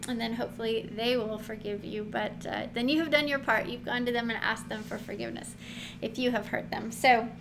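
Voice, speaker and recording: Brief: woman Bible teacher with a high voice, lively and chatty, noisy recording. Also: brisk. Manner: chatty, animated, laughs often, acts out quotes. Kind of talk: casual Bible teaching to camera. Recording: noticeable background noise.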